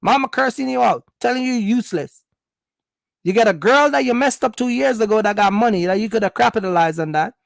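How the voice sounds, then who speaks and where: A man's voice: high-pitched, brisk, creaky, no echo. A man from Jamaica, giving a blunt, scolding opinion monologue. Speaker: vlogger.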